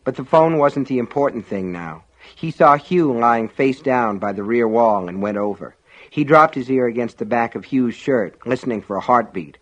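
A man reading an audiobook in a measured, dramatic storytelling manner. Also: mid-range voice, animated. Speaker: audiobook narrator. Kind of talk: scripted audiobook narration.

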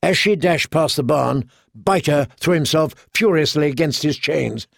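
A man narrating a novel in a measured, even storytelling manner. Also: fairly high pitch, gravelly, no echo, studio quality. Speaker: audiobook narrator. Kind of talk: scripted narration.

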